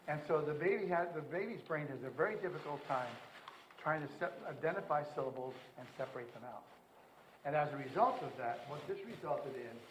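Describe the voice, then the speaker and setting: A man giving a conference lecture, rambling with animated asides. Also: medium pitch, reverberant, slight background noise, poor audio. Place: conference hall.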